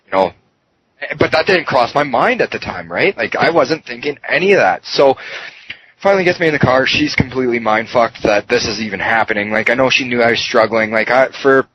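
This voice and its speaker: A man's voice: medium pitch, expressive, fairly quick. A man, a podcast guest, telling his story in a raw, emotional way, swearing often and full of fillers. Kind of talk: candid personal interview. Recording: muffled podcast audio with faint noise.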